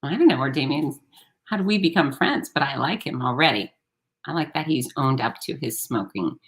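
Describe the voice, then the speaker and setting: A woman hosting a live-streamed talk show, chatting with viewers in an animated, sarcastic way. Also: very deep voice, moderate pace. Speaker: host.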